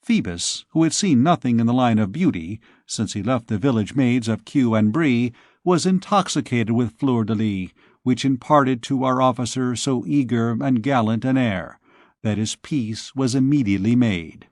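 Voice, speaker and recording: Reading scripted narration from a classic novel, an audiobook narrator with a mid-range voice keeps a measured, even storytelling pace. The recording is studio quality, without echo.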